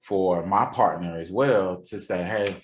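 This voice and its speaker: A man's voice: fairly low pitch, expressive, normal speed, a little hiss or hum. A man hosting a casual podcast chat, talking earnestly and repeating phrases for emphasis. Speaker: podcast host and counselor.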